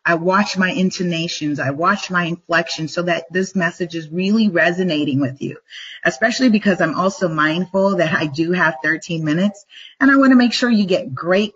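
A middle-aged woman talks straight to her live-stream viewers in a fairly low, husky voice, pressing each point with repetition and deliberate slowdowns. The sound is slightly dull and lo-fi, like a webcam or phone mic. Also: fairly bright tone. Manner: emphatic, repeats and slows down to stress points. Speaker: vlog host. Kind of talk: motivational live-stream talk.

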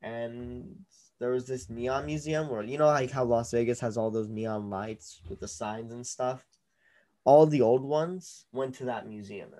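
A man hosting a casual podcast from his own mic on a video call, his voice sitting at an ordinary middle pitch. He talks loosely and playfully, quick to tease and bicker with his co-host. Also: steady tone, mellow.

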